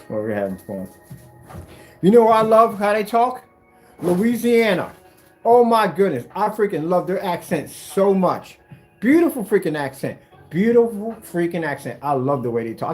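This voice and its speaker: A man demonstrating projector screen paint in a combative, animated way, talking straight to his critics. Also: fairly high pitch. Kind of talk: product demonstration rant.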